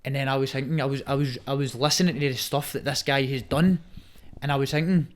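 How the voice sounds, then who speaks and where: A man's voice: medium pitch, steady tone, fast. Sweary Scottish young man, earnest. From Scotland. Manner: sweary, earnest, says "mate" often. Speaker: guest, Muay Thai fighter. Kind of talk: casual podcast chat.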